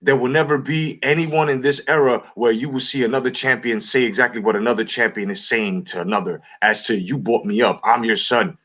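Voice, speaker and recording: A man's voice: medium pitch, steady tone, brisk, few pauses, a bit bright. A man hosting a boxing channel, giving earnest, hyped reaction commentary. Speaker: channel host.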